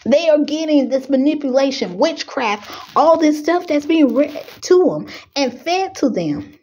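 A young woman preaches a fiery sermon in a bright, high voice. She grows emotional and pleads with herself not to cry, her passion climbing as she goes. The recording is dull and lo-fi, like a home setup. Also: lively intonation, a little slow. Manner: emotional, fighting tears, preaching with rising fervor. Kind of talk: impassioned preaching.

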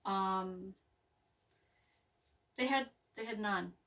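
A woman chats slowly through a home craft session, rambling and restarting with plenty of ums. Her voice is bright and a bit sharp. She sits somewhat back from the microphone. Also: mid-range voice, far from the mic. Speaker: craft video host. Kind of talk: casual live craft chat. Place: home craft table, indoors.

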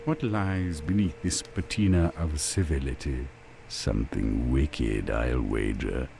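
An actor playing a sly, menacing game character who muses darkly in a very deep, gravelly voice. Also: male voice, slow, warm tone, a little hiss or hum, full character voice. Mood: ominous.

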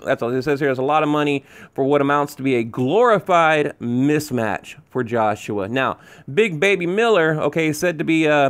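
A man giving casual boxing commentary as a channel host, ranting with frequent restarts, asides and rhetorical questions. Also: on the high side. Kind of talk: casual commentary, reading news and memes aloud.

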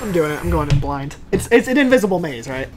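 A woman's voice: deep voice, big pitch swings, quick pace, poor audio. A woman hosting a casual video game session, melodramatic and mock-furious, laughing through her rants. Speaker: host of a gaming series. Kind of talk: casual gaming commentary. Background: game music.

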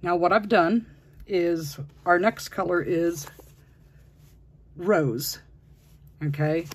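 Slow, husky crochet tutorial voice. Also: medium pitch. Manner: patient, counts stitches aloud while working. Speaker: crochet instructor. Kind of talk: step-by-step crafting tutorial.

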